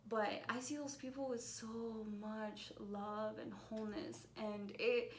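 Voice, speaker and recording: A woman's voice: fairly high pitch, level tone, takes it slowly. A woman in her twenties, a podcast guest talking earnestly and a bit rambling, laughing often. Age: 20s. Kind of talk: casual conversation. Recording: echoey room with faint background noise.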